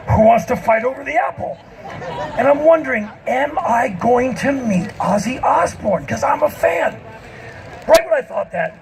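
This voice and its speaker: A man performing live comic storytelling on an outdoor festival stage, animated and self-mocking, often shouting. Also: extremely high pitch, creaky. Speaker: spoken-word performer.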